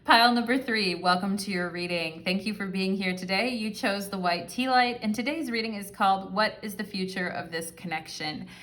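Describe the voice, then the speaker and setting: Her voice is medium in pitch and a bit bright, moving at a moderate pace with hardly any pauses. This tarot reader runs a casual pick-a-card reading, talking warmly and chattily straight to her viewers and using lots of fillers.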